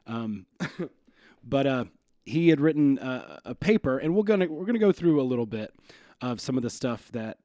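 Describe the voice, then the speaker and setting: A man hosting a podcast, talking in an excited, chatty way with lots of fillers and quick laughs. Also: medium pitch, dry recording. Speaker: podcast host. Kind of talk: casual podcast chat.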